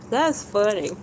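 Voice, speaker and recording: A woman hosts a relaxed livestream and talks at a slow, unhurried pace. She runs playfully through her points like a list and jokes with her viewers. Faint noise hangs in the background. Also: mid-range voice. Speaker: YouTube livestream host. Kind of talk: casual livestream chat.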